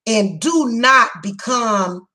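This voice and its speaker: A woman giving a psychic reading, speaking bluntly and emphatically, heated and repetitive, slowing down to stress her words. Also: fairly high pitch, lively intonation, pushed and bright, poor audio. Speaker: psychic reader. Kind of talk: tarot reading monologue.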